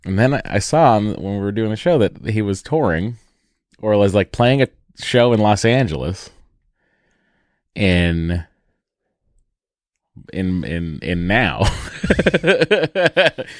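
A man's voice: fairly low pitch, dry recording, studio quality. A man hosting a podcast, telling a rambling story in casual chat and often breaking off and restarting his sentences. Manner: rambling, self-interrupting storyteller. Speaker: podcast host.

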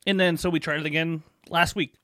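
A man co-hosting a casual podcast, loud and laughing often, swearing freely as he tells stories. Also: on the high side, steady tone, a little fast, no room sound, studio quality. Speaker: podcast co-host. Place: podcast studio.

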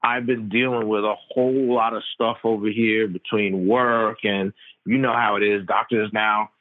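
A man, a physician interviewed as a guest, telling stories in an animated, slangy, casual way. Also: on the low side, normal speed, dry recording. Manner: animated, slangy, tells stories with quoted dialogue. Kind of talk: casual conversational storytelling. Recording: dry tinny phone-like line.

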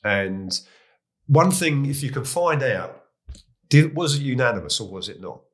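A man's voice: medium pitch, lively intonation, measured pace. A man in his sixties with an English accent, a retired police chief telling anecdotes in a chatty way, restarting and repeating words as he goes. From England. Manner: chatty, restarts and repeats, laughs at own stories. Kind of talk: casual anecdotal storytelling.

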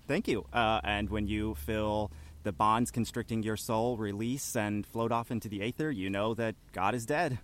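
Guy doing a lowish-voiced robot prince, solemn and cryptic, grand weird pronouncements. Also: fairly even intonation, normal speed, close to an everyday voice. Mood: aloof. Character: solemn male automaton prince on a quest. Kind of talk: improvised comedy character.

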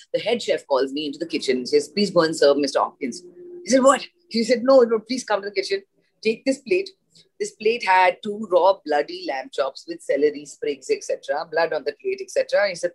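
A woman from India, an actress, telling an animated story in a casual interview, acting out the dialogue. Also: low-pitched, brisk, breathy edge. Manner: animated anecdote with acted-out dialogue and laughs. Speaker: guest actress.

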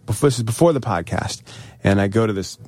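A man's voice: fairly low pitch, fast, darkish tone, no room sound. A man co-hosting a podcast, telling stories in casual, enthusiastic chat. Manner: enthusiastic storyteller. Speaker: podcast co-host.

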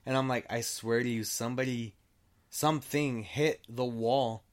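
A man telling a story in an easygoing, unscripted way, with a voice of ordinary pitch for a man. He wanders, restarts his sentences and swears freely. He acts out the back-and-forth of what people said in little quoted bits. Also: steady tone, moderate pace. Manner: rambling, with frequent restarts. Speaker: storyteller guest. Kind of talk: casual storytelling.

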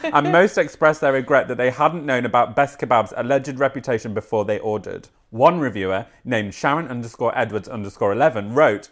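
A man's voice: medium pitch, moderate pace, hardly any pauses. A man co-hosting a casual chat, reading news stories aloud with amused asides and frequent laughter. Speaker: podcast co-host.

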